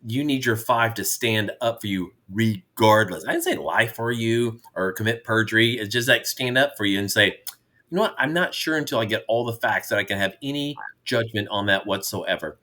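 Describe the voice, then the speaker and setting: Jovial middle-aged man, bright voice. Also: on the low side, moderate pace. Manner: jovial storyteller, rambling with restarts. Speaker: podcast co-host, father. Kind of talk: casual chat.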